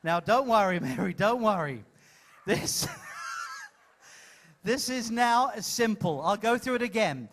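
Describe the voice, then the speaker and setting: High, bright-voiced comedian on stage. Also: male voice, expressive, slow pace, long pauses. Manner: playful, teasing, theatrical. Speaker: stage comedian hosting an audience game. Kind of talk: live stage comedy with audience participation. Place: cruise ship theater stage.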